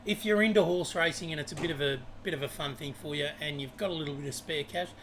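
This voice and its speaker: Aussie bloke co-host, slightly high voice, jokey and chatty. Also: male voice, quick pace, noisy background. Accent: Australian. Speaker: podcast co-host. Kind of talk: casual chat.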